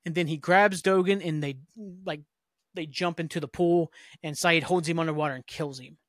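A man's voice: fairly high pitch, steady tone, normal speed, fairly bright tone, no room sound, clean studio sound. A man hosting a podcast, casually recapping a TV episode in a rambling way, with many fillers. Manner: rambling, filler-heavy storytelling. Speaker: podcast host.

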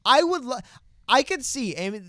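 Animated young man in casual chat. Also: very high voice, no room sound, studio quality. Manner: animated, emphatic, quick to do mocking impressions. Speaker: political talk show co-host. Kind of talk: casual political debate chat.

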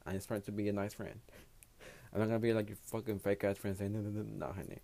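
A man's voice: lowish voice, little pitch movement, fairly quick, warm tone. A man hosting his own podcast in a casual solo monologue, a native Spanish speaker talking in English, giving blunt, profane, rambling advice. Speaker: podcast host.

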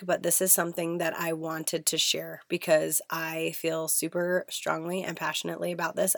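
Hoarse woman host, lowish pitch, dry close sound, heartfelt and emphatic. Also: fairly bright tone, dry recording. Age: young adult to middle-aged, a mother of kids. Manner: earnest, emphatic, repeats words for stress. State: hoarse, voice not fully back. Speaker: podcast host. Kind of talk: casual solo podcast talk.

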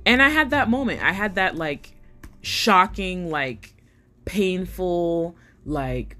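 Young female vlogger, lower pitch, chatty and expressive, faint background music. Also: slow pace. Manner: animated, swearing, acts out quoted voices. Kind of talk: casual storytime monologue.

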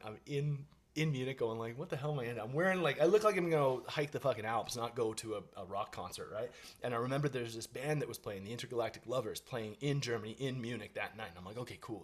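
Animated young man telling a story. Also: fairly low pitch. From Canada. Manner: animated, acts out his own past lines, frequent fillers and restarts, casual swearing. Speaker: podcast guest. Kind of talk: casual storytelling.

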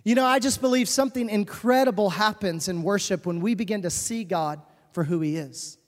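A woman's voice: medium pitch, fairly quick. Woman pastor giving a sermon: earnest, emphatic, repeats key lines; stage mic in a big church hall with long reverb.

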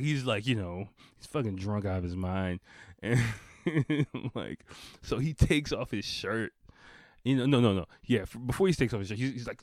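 A man in his thirties rambles through a story with a lowish voice, swearing freely and laughing as he goes. The sound is dry, with no room echo. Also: normal speed, a little mellow. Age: 30s. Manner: rambling and profane, with frequent laughs and fillers. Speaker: vlogger. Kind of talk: casual storytelling.

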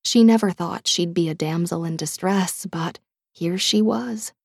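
A woman's voice: lowish voice, dry recording. Woman narrating an audiobook, dry sound. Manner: measured, dramatic reading with hushed moments.

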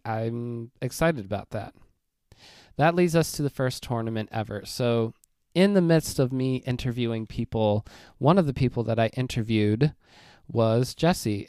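A man in his thirties talks on his podcast, rambling through a personal story and acting out the lines of the people in it. His voice sits low and smooth. The sound is close and dry. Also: dry recording. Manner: rambling, animated storytelling with acted-out quotes. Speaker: podcast host. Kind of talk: casual solo podcast monologue.

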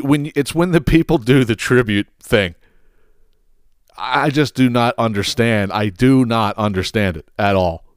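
A middle-aged podcast host from southeastern Pennsylvania rants solo in a mid-range voice. He tells rambling, profane stories, often laughing and getting exasperated. The sound is clean studio audio with no room sound.

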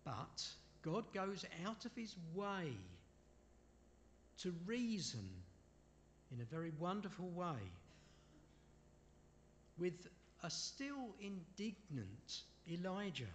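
A man preaching a sermon in an unhurried way, asking his listeners rhetorical questions and making apologetic asides. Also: sits high, sing-song, a little hiss or hum. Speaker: preacher leading a Bible study.

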